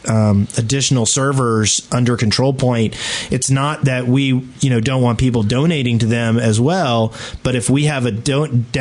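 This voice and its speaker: A man's voice: mid-range voice, darkish tone. A man co-hosting a gaming podcast, explaining server matters and teasing the others. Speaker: podcast co-host. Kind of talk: casual podcast chat.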